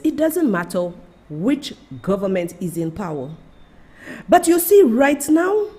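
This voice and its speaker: A Saint Lucian woman hosts a live stream in a high voice. She talks slowly and with emphasis, turning again and again to call on her listeners and on officials by name. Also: darkish tone, husky. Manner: emphatic, repeatedly addresses listeners and officials directly. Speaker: livestream host. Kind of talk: impassioned live-stream commentary.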